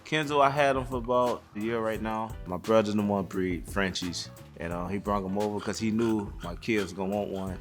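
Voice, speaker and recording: A man's voice: on the low side, a little fast, few pauses. A middle-aged man talking in a laid-back, plain-spoken way in a casual interview. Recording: faint music underneath.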